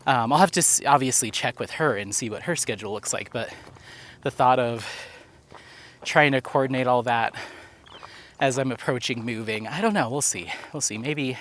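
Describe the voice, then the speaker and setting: A man's voice: mid-range voice, moderate pace, pauses often, a bit bright. A man vlogging while out on a walk, chatting casually and rambling, a little out of breath. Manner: chatty, rambling, filler-heavy. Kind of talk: casual chat while walking. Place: outdoors on a walk.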